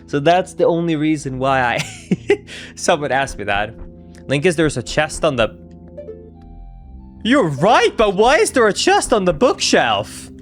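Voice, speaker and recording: Young male streamer, lively swooping delivery, slightly higher voice, faint music behind. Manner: excitable, chatty, reacts aloud to the game and chat. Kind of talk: live gameplay commentary.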